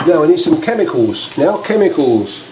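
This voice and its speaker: This cooking video host is a British man whose voice sits a little high, with a sing-song lilt, a dark tone and a moderate pace. He runs a casual home-kitchen demonstration, chatting, rambling and often starting over. There's an echo in the kitchen and some faint noise.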